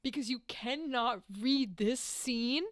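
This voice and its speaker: A young woman hosting a casual podcast, animated and swearing freely as she acts out lines in playful voices. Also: on the high side, takes it slowly, dry recording, studio quality. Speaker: podcast host.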